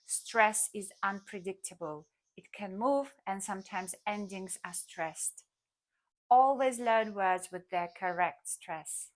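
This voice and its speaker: A woman teaching a language lesson, speaking in a careful, clearly enunciated way. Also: medium pitch, fairly bright tone.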